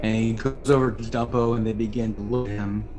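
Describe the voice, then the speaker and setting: A man with a fairly low voice narrates a tabletop game as dungeon master, setting scenes in a measured, storytelling way. Faint music plays behind him. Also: steady tone, dark tone.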